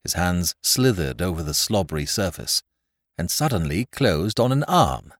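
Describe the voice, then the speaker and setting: Low-voiced, lively male audiobook narrator. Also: moderate pace, no echo, studio quality. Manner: lively dramatic reading.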